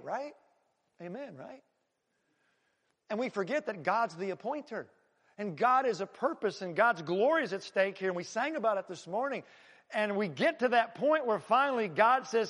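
A male pastor preaching a sermon in a church, animated, swinging between loud emphatic lines and hushed asides. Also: sits high, big-room sound.

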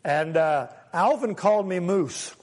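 A man preaching a sermon as a pastor, animated, sometimes acting out the voices he quotes. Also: high-pitched, measured pace. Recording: long hall reverb.

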